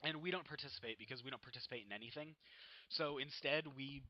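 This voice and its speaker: A man's voice: medium pitch, quick pace, lo-fi sound. A teenage boy chatting casually over gameplay, rambling and cutting himself off as he tells stories. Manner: rambling, self-interrupting storyteller. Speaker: gaming vlogger.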